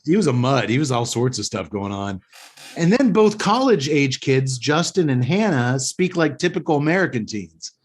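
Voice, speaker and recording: A man hosts a podcast in casual chat. He rambles and holds strong opinions, often restarting his sentences. His voice sits at an ordinary middle pitch. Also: very animated, moderate pace, breathy edge. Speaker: podcast host.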